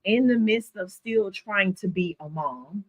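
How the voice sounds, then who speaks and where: A woman's voice: mid-range voice, unhurried, a crowd in the background, rough recording. A woman hosting a podcast interview who asks long, supportive, reflective questions. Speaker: podcast host. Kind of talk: interview conversation.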